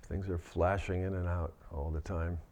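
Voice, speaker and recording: Low-voiced man giving a reflective dharma talk. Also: flat delivery. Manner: gentle, reflective, unhurried with frequent restarts. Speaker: Buddhist teacher.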